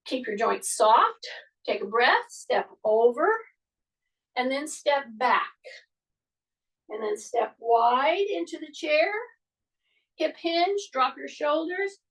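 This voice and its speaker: A woman with a high voice coaches an exercise class at an unhurried pace, talking through each step and checking in with "okay?". She sounds somewhat far from the microphone, as if it sits across the room. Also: expressive, a bit bright. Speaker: fitness instructor.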